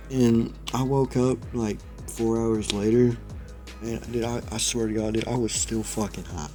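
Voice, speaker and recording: A man's voice: mid-range voice, steady tone, unhurried, warm tone, faint music behind. A young man telling a rambling story in a casual vlog, laughing often and saying "dude" a lot. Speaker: vlogger.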